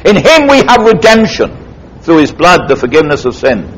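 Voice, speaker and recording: A man preaches an expository sermon, retelling a parable emphatically and dramatically with sweeping pitch swings. His delivery is sing-song at a normal speed. The low-quality recording has slight background noise.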